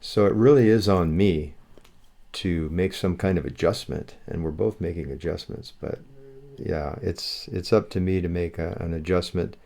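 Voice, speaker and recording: An older man co-hosting a candid podcast, talking in a steady, thoughtful, plain-spoken way. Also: sits low, normal speed, gravelly. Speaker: podcast co-host, husband.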